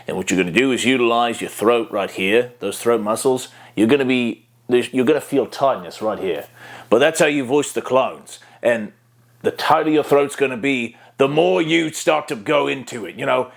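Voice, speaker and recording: A man with a gravelly, fry-tinged voice walks through a voice acting lesson in a relaxed tutorial tone. He explains things plainly and easily, slipping into quick character demos along the way. His pitch sits in a middle range for a man. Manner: easygoing, explanatory, breaks into voice demos. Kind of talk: casual how-to tutorial.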